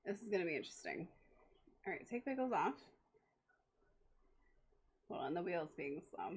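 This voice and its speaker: A young adult woman streaming a game live, reacting excitably, laughing often and talking to her chat. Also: lowish voice, normal speed, husky.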